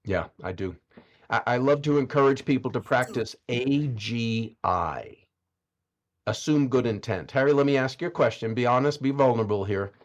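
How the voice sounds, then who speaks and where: A man guesting on a podcast, giving motivational coaching advice emphatically, with dramatic pauses and rhetorical questions. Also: medium pitch, expressive, muffled recording.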